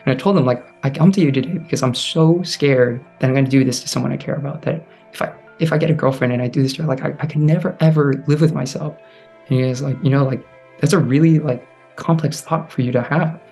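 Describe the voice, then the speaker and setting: A young man earnestly telling a personal story, quick and full of "like". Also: mid-range voice, vocal fry, darkish tone, soft background music. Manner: fast, earnest, heavy on "like".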